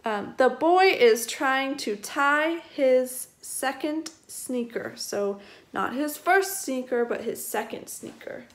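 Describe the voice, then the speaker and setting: A woman teaching a first grade vocabulary lesson at a distance, spelling each word out slowly and explaining it gently for young children. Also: sits high. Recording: echoey room.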